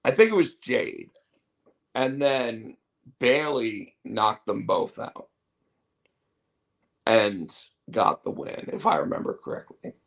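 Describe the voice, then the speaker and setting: A man's voice: medium pitch, very animated, slow pace, gravelly, pauses often, fairly bright tone. A man hosting a show, chatting casually in a rambling, opinionated way. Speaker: show host. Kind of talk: casual wrestling chat.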